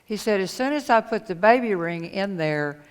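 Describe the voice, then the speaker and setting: A middle-aged woman speaking at a conference, telling a personal story in an earnest, halting way and retelling conversations. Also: mid-range voice, lively intonation, clear, resonant tone. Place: conference hall. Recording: echoey hall with long reverb.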